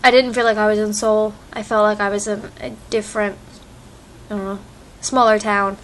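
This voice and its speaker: A woman's voice: medium pitch, slight background noise, poor audio. A young woman chatting casually in a home vlog, rambling easily while her allergies act up. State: allergies, itchy eyes. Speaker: vlogger. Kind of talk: casual chat. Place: home with a cat. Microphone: phone camera.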